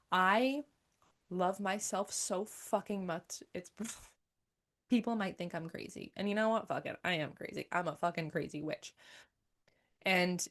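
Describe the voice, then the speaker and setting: A woman hosting her own podcast, telling her story in a blunt, emphatic way with plenty of swearing. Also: medium pitch. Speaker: podcast host and coach. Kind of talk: candid personal monologue.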